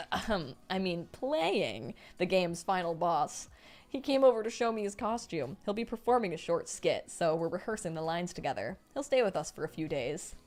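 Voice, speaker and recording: A woman reading a young man's lines in a flat, matter-of-fact way. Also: lowish voice, voice pushed down. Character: young man casually explaining a gaming cover story.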